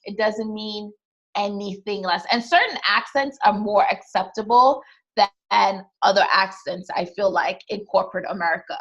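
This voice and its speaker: A woman's voice: medium pitch, normal speed, a bit bright, dull audio. A young woman with a Trinidadian accent, a podcast co-host telling candid, emphatic stories in casual chat. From Trinidad and Tobago.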